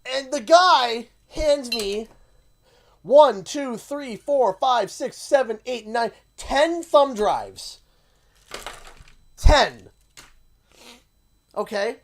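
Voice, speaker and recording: A Canadian man streaming live, chatting casually and telling an animated anecdote while acting out what others said. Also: extremely high pitch, slow, slight background noise. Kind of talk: casual livestream storytelling.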